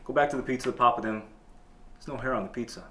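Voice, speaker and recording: A man hosting a comedy talk show, telling a boastful tall tale in a deadpan way. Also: medium pitch, quick pace. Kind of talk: comedic storytelling. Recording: echoey room.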